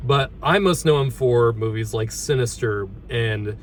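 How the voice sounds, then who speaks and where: Halting man reviewing through a mask. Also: medium pitch, slight background noise. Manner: halting, many ums and restarts; talking through a horror mask. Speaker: movie reviewer, host. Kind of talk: casual movie review chat.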